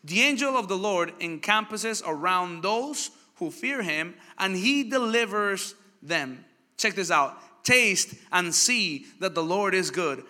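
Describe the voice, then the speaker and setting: A man preaching a sermon, telling lively stories and asking the congregation questions. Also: high voice. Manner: animated storytelling, asks the crowd questions. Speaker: pastor. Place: church hall. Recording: church hall reverb.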